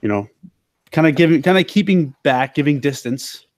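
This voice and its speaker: A man's voice: on the high side, animated, moderate pace, darkish tone, dry recording, clean studio sound. A man playing a tabletop role-playing game, talking eagerly and repeating his words as he stammers. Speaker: player. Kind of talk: casual tabletop role-play.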